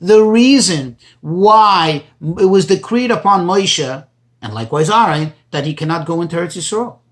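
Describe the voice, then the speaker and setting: A man's voice: high-pitched, animated, a bit bright. Male rabbi, patient tutorial delivery, translates and repeats as he teaches. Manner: explains slowly, translating Hebrew phrases and restating points. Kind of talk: Torah study tutorial.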